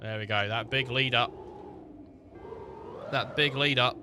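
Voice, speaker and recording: A man's voice: medium pitch, a little slow, pauses often, sharp tone, soft background music. A man giving rambling, joking commentary over a video game, breaking into laughter now and then. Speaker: gaming streamer.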